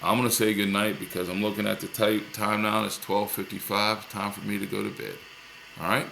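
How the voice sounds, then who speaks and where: A man's voice: lowish voice, level tone, brisk, vocal fry, bright, forceful tone, a little hiss or hum. A male teacher recording a lesson video for his class, upbeat and encouraging, often repeating himself.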